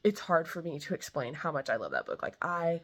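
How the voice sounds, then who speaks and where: Young woman, vlogger, bright voice, lowish pitch, casual rambling book chat, enthusiastic. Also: sing-song, a little fast. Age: young adult. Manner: enthusiastic, rambling, filler-heavy.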